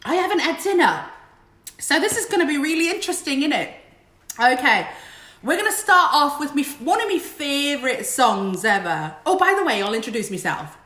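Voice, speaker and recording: A woman's voice: high voice, sing-song, moderate pace, a bit bright. A woman chatting casually on a home livestream, joking and a little tipsy. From Queensland, Australia. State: slightly tipsy. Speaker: livestream singer. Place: her house, indoors. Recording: echoey room with backing music.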